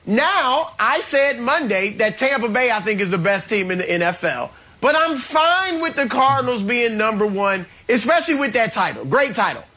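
A man with a high, bright voice argues on a studio sports panel. His delivery swoops widely as he gloats and teases. He leans hard on dramatic emphasis. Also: big pitch swings, moderate pace, few pauses.

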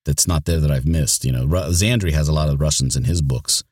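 Very deep-voiced man, dry close sound. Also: fairly quick, darkish tone, breathy edge, no room sound. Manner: rambling, with many restarts and repeated words. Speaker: audiobook narrator, guest. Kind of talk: casual interview talk.

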